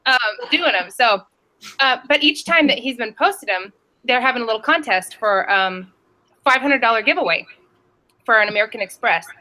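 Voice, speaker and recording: A woman's voice: a little high, moderate pace. A woman reseller talking on a video call, chatty and rambling as she tells stories. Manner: chatty and rambling, lively storytelling. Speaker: reseller on a panel show. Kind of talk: casual chat.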